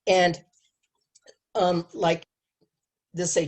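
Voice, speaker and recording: A woman educator giving an animated talk to an audience, acting out quoted lines and laughing often. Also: fairly low pitch, unhurried, pauses often, slightly rough. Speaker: abstinence educator. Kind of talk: presentation to an audience.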